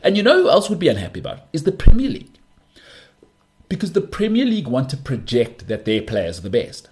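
A man hosting a sports talk show, giving emphatic, repetitive opinions in animated bursts. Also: medium pitch, fast talker. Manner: emphatic, repeats himself, animated rants. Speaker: podcast host.

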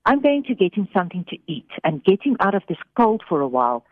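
A wealthy businesswoman speaks gently and graciously, as a storyteller plays her. Her voice sits a little higher than the teller's own and stays calm and kind. It comes through a thin, dry, phone-like radio line. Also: fast, no echo.

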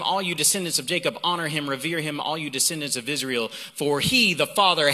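A man preaching a sermon as a guest preacher, animated and reading scripture aloud with emphasis. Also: fairly high pitch. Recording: hall reverb.

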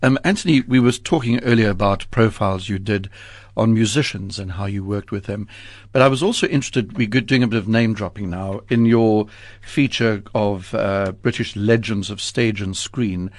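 Man, radio host, low voice, dry studio mic, polite curious questions. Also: normal speed, no room sound. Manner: polite, curious interviewer asking follow-up questions. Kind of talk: radio interview. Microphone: studio microphone.

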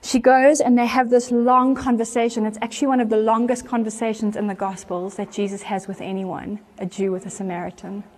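A woman's voice: fairly high pitch, little pitch movement, fairly quick, few pauses, a little mellow. A woman preaching, retelling a story earnestly and with animation. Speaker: church speaker. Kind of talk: storytelling sermon.

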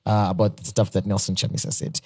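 A man's voice: fairly low pitch, monotone, quick pace, dark tone. A Zimbabwean man hosting a casual podcast chat, joking, laughing and often repeating his words. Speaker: podcast host.

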